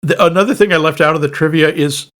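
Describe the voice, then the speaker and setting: A man's voice: on the high side, quick pace, a bit bright. Enthusiastic man sharing movie trivia. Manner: enthusiastic, laughs often, shares trivia. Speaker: podcast co-host. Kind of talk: casual movie chat.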